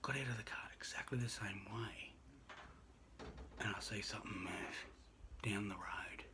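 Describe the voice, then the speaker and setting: A man who works as a registered nurse, telling a personal story in an earnest, halting way that often drops to a hushed near-whisper. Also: lowish voice. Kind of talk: personal story told to camera.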